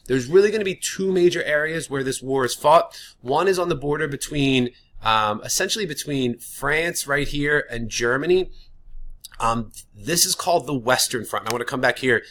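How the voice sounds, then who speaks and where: Casual, bright-voiced male teacher. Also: mid-range voice, moderate pace. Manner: casual and chatty, with many "like" fillers. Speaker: history teacher. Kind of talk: classroom lecture.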